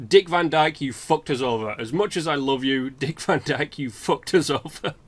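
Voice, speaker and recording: Rambling, swearing British gamer. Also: male voice, fairly high pitch, normal speed. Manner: rambling, chatty, swears freely. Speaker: let's play host. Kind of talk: casual gameplay commentary.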